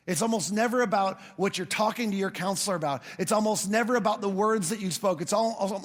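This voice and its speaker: A man's voice: high-pitched, big-room sound. A man preaching a sermon as pastor, telling stories in a loose, conversational way and acting out the people he quotes. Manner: conversational storytelling with animated quoted asides. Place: church auditorium.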